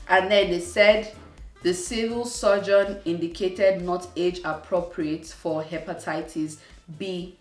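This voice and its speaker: A woman's voice: fairly low pitch, roomy sound, far from the mic. Exasperated Nigerian woman vlogging. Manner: animated, exasperated retelling with acted-out quotes. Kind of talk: casual storytelling to camera.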